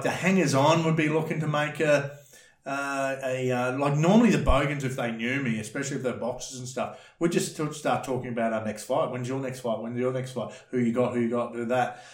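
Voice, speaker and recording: An Australian man tells stories in a loose, rambling way, blunt and heavy on slang. His voice sits in an ordinary middle pitch. The room around him gives the sound a clear echo. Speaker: podcast guest, former bouncer. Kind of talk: casual storytelling chat. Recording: roomy echo.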